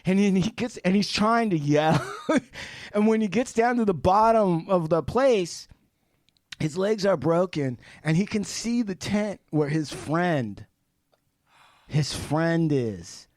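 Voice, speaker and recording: A man telling a story on a casual podcast, swearing freely and shouting parts of it out. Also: sits high, slow, dry recording, clean studio sound. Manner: animated, profane storytelling with shouted re-enactments. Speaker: podcast guest, film director.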